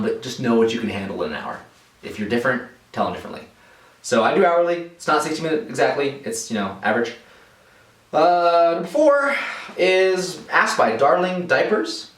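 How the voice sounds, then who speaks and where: A man answering viewer questions as a balloon artist in a casual vlog. He rambles in a relaxed way, with many fillers and restarts. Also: medium pitch, fairly quick. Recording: echoey room, voice from a distance.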